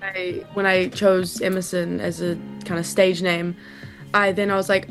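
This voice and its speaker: Soft-spoken young New woman. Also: fairly low pitch, flat delivery, normal speed, soft background music. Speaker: musician guest. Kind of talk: casual radio interview.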